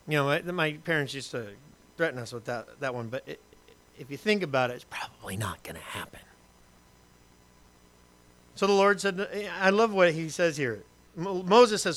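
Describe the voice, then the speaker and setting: A man preaching a sermon, reading scripture and acting out voices with humor and lively asides. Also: fairly high pitch, normal speed, pauses often. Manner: animated, acts out quotes and asides with humor. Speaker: pastor.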